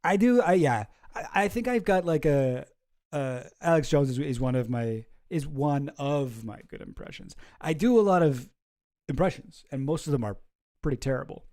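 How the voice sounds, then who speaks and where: A man's voice: a little high, animated, normal speed, darkish tone. A man hosting a casual livestream, rambling and chuckling as he reacts to chat. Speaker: streamer host.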